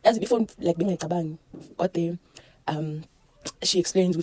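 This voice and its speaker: A woman with a South African accent telling a casual storytime, animated and mixing Zulu into her English. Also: on the low side, moderate pace, no room sound. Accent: South African, Zulu-mixed English. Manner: animated, code-switching, laughing through a birth story. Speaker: vlogger.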